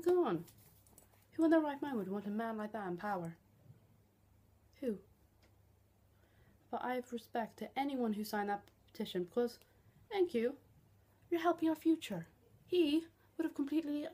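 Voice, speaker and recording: A woman's voice: on the high side, mellow. Young woman ranting bluntly. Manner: blunt, sarcastic, heavy swearing. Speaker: vlogger. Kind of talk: ranting vlog.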